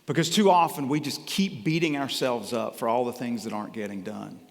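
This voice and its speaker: A man with a North Carolina accent giving a motivational keynote talk, animated and acting out the voices of his audience. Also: medium pitch, brisk, creaky. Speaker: keynote speaker. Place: conference hall before a live audience. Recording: reverberant hall.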